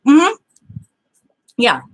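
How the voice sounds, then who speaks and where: A woman's voice: drawn-out words, slight background noise. A woman telling a personal story in casual chat, blunt and freely profane, acting out the people she quotes. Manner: animated, acts out the people in her story.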